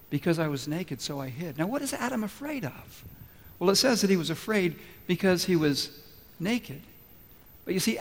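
Male pastor, sermon delivery, slightly higher voice, hall reverb, emphatic repeats. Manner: emphatic, repeats key phrases slowly. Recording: long reverb of a large hall.

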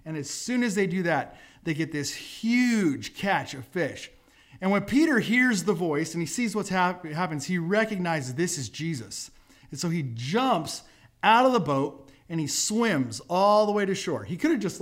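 A male pastor giving a casual, story-driven sermon. His voice sits a little higher than most men's, and he jumps into the characters' lines with animated, voiced quotes. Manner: conversational, acts out quotes with voices.

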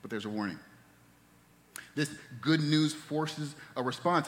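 A man in his thirties preaching a sermon as a pastor, telling stories and dropping to soft, hushed tones at tender moments. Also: mid-range voice, normal speed, long pauses. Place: church sanctuary. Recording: long reverb of a church hall.

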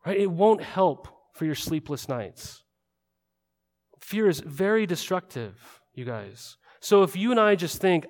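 A man delivers a sermon in a relaxed, conversational way, now and then slipping into quick voices for the people in his story. His voice sits a little high for a man. The sound carries a long reverb, as in a large hall. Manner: conversational, acts out quotes. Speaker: pastor.

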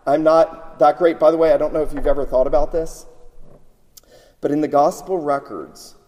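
A man delivers a sermon in a mellow, slightly high voice. He speaks emphatically and restarts phrases as he builds each point. A long reverb hangs around him, like a large sanctuary. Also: steady tone, a little fast. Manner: emphatic, repeats words while building points. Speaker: pastor.

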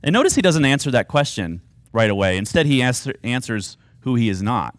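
A man preaching a sermon, earnest and emphatic, with dramatic pauses on key phrases. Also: medium pitch, very animated, dry recording. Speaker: pastor.

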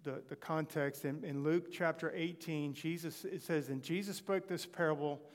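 A man preaching with a slightly raised voice, telling scripture stories in an animated way. His voice rings out with a long reverb, as if he is in a large church hall. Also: a little high, moderate pace. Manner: animated storytelling, voicing quoted scripture figures. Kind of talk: sermon.

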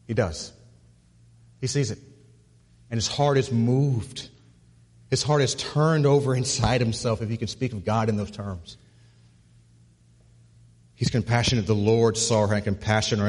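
A male pastor delivers a sermon in a church sanctuary. His voice is husky and a touch breathy, and it carries a long reverb through the big room. He repeats words as he builds to a point, then drops low and soft on the key lines.

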